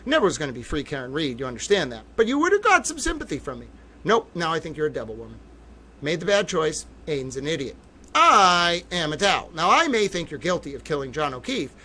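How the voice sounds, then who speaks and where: A man hosting a livestream, talking in an excitable, theatrical way that swings from low muttering to loud outbursts. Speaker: livestream host. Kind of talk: livestream commentary.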